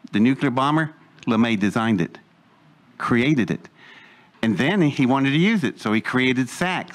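A man's voice: medium pitch, a bit bright. An older man telling a rambling, folksy story to an audience, acting out the voices of people he quotes. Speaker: speaker telling his life story.

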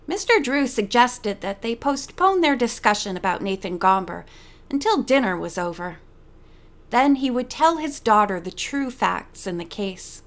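Woman reading a mystery audiobook, steady, slightly high voice. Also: measured pace. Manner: steady storytelling. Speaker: audiobook narrator. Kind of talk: scripted narration.

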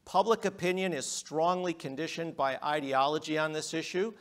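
A middle-aged man giving a public lecture, emphatic, with rhetorical questions and swings between loud and quiet. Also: fairly high pitch, moderate pace. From United States.

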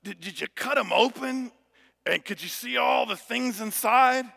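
Give me a man playing an excited little boy with a high, bright, gravelly-edged voice, echoing in a church. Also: full character voice. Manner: excited, rapid-fire questions. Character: eager young boy quizzing his dad. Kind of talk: sermon anecdote.

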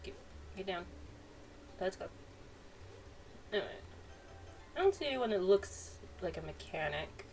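A woman's voice: fairly low pitch, big pitch swings, unhurried, long pauses, darkish tone, soft background music. A woman hosting a let's-play, commenting in a playful, chatty way. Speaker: gaming channel host. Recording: distant mic, faint noise.

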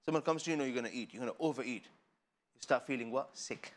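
A man teaching children about the Qur'an, playful and animated, asking questions and laughing often. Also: medium pitch, racing. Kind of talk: lively lesson for children. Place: studio.

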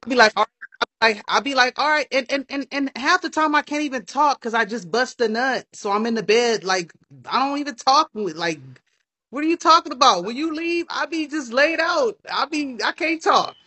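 A woman's voice: high voice, expressive, bright, forceful tone, husky. A woman in a casual livestream chat who laughs a lot and defends herself against her partner's claims. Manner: defensive, laughing, fast protesting.

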